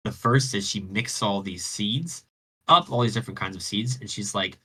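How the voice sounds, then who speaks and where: A man's voice: on the low side, moderate pace, sharp tone, slightly rough, low-quality recording. A man hosting a radio show, retelling a myth in a rambling, slangy way with many restarts over online voice chat. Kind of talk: casual storytelling retelling of a myth.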